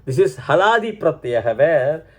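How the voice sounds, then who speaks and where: A man's voice: a little high, sing-song, a little slow, darkish tone. A man with an Indian English accent teaching scripture, reciting Sanskrit verses and translating them word by word. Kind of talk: lecture explaining Sanskrit verses.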